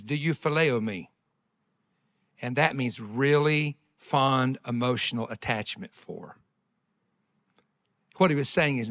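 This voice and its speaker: A man preaching a revival sermon with fervent, emotional delivery, swinging between loud passages and hushed ones, with conversational asides. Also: mid-range voice.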